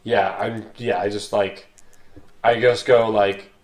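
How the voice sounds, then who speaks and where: A man's voice: on the low side, level tone, slow, far from the mic. A man playing a tabletop game, speaking hesitantly with many fillers, recorded in an echoey room away from the mic. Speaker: player.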